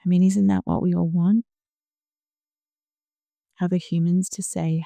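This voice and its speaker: Gentle low gravelly-voiced woman host. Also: little pitch movement, dry recording. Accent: Australian. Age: middle-aged. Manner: gentle, slow and soothing, with soft hushed asides. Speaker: podcast host. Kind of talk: reflective solo podcast talk.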